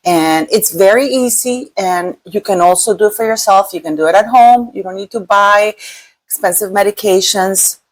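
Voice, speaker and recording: A woman giving casual, animated gossip commentary as a YouTube host, sometimes mimicking others in a mocking tone. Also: medium pitch, moderate pace, rough recording. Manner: animated, mocking quoted voices.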